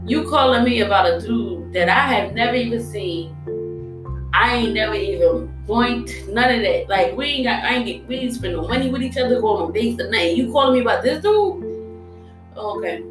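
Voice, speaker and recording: Young woman spilling a raw story, cussing and laughing a lot, sounds far off in an echoey room with soft guitar behind. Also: a little high. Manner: blunt, profane and emotional, laughing often. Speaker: storytelling host. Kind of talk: candid personal storytime.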